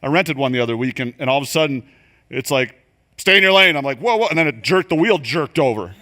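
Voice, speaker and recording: An older man giving a church leadership training talk, animated and quick to act out the voices he quotes. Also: mid-range voice. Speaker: leadership coach. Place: church venue.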